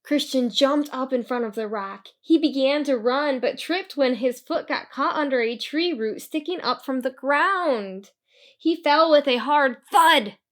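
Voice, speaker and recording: A woman reading a children's picture book aloud, telling the story clearly and expressively. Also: a little high. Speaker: storybook reader.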